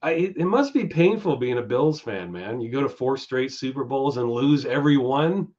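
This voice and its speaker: A man's voice: medium pitch, expressive, moderate pace, darkish tone. A man hosting a loose, profane live stream, riffing with his chat and drifting from topic to topic. His voice swings widely up and down as he talks. The audio is dull and lo-fi, like a home stream. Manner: chatty, swears freely, goes off on tangents. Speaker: stream host.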